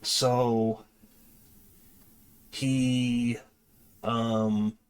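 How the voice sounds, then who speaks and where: A man reviewing a movie, casually retelling its plot with many fillers, pauses and restarts. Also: medium pitch, level tone, smooth. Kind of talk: casual spoken plot recap.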